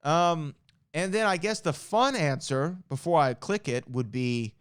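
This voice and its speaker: A man's voice: a little high, lively intonation, unhurried, smooth, no room sound, studio quality. A male podcast host reading trivia questions and answers aloud, breaking off for chatty asides and correcting himself as he goes.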